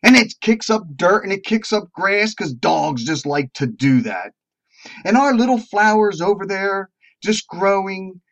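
Slow-telling preacher man, muffled recording. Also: high voice. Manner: slow, drawn-out telling with emphatic rises. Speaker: preacher at a recovery meeting. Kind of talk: sermon storytelling. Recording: dull lo-fi recording.

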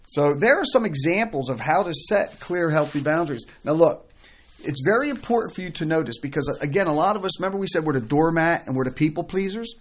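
A man talking through examples in a casual advice chat, excitable and emphatic, often acting out lines people might say. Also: fairly high pitch, fast. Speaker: co-host on family recovery.

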